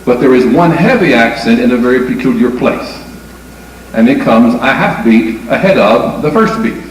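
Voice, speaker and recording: Man lecturing on dance rhythm, mid pitch, echoey hall, distant from the mic, faint hiss. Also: lively intonation, normal speed. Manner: explanatory, counting beats aloud. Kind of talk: lecture with demonstration. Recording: echoey room from far off with faint noise.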